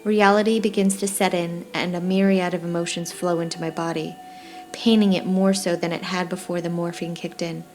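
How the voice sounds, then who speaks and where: A woman narrating her own novel in an even, steady first-person reading. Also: on the low side, a little fast, soft background music. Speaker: author and narrator. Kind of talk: audiobook narration.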